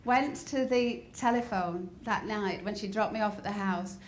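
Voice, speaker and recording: A woman in her fifties from the north of England, with a softened English accent, giving a lively, humorous motivational talk and asking the audience questions. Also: medium pitch, moderate pace, a little hiss or hum. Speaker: speaker. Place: large hall before an audience. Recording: roomy hall with faint crowd ambience.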